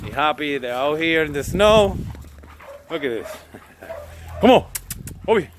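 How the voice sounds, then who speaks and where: A man in a snowy backyard, talking slowly and fondly to his dogs as he films them, with dogs playing in the background. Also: a little high, lively intonation, a little hiss or hum. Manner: slow, fond, talks to his dogs. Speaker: dog owner filming his dogs. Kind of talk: casual handheld commentary.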